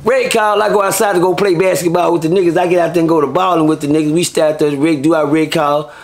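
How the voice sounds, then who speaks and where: A man, a guest in an interview, telling stories in a casual, profane and animated way. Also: on the high side, fast. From Texas. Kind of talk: casual storytelling.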